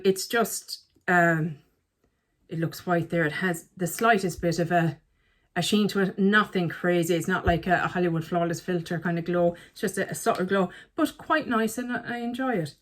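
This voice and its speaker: Chatty self-mocking woman. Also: lowish voice. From Ireland. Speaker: beauty vlogger. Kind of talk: casual chat.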